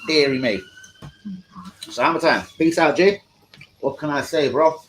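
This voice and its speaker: A man's voice: on the high side, measured pace, noisy background. A young man hosting a live fan stream, profane, combative and mocking as he talks to his chat. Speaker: fan channel host. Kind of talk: live-stream football rant.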